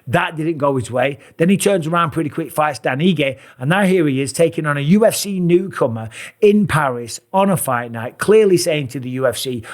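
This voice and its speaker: A middle-aged man talking through a fight card like a seasoned commentator, blunt and lively with the odd curse. His voice sits a touch higher than most men's. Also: moderate pace. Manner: animated, blunt, with occasional swearing. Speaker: MMA commentator and show host. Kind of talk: casual fight preview talk.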